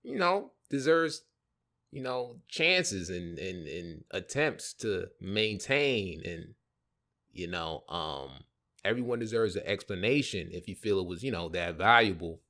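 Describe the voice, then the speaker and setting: A man's voice: low voice, expressive, unhurried, sharp tone. A man hosting a podcast, telling casual stories from his childhood in slangy, profane talk and laughing at his own jokes. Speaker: podcast host. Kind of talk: casual storytelling monologue.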